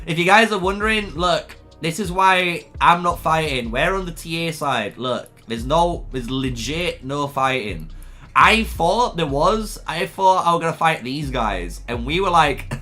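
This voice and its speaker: Bright-voiced man streaming a strategy game. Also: fairly high pitch, expressive, slow pace. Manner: chatty, laughs often, addresses chat. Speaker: gaming streamer. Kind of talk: live game commentary. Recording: faint music behind.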